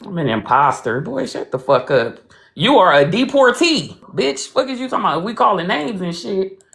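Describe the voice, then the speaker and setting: A woman from Los Angeles hosting a livestream. She speaks in a profane, combative and mocking way, trading insults with a caller in casual chat at a middling pitch. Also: sing-song, normal speed, creaky, a bit bright, a little hiss or hum. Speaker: livestream host. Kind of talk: heated casual livestream talk.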